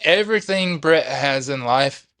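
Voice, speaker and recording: A man's voice: on the high side, expressive, unhurried, pushed and bright, clear, resonant tone, no echo. A man hosting a casual interview, loose and conversational, often repeating himself. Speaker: interview host.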